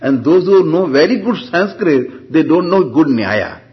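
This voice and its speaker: A man's voice: on the high side, sing-song. A man gives a classroom scripture lecture in a slightly raised voice. He keeps throwing rhetorical questions at the class and answering them himself. The lecture recording sounds dull and lo-fi. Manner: slow, deliberate reading of Sanskrit terms. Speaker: Vedanta and Sanskrit teacher.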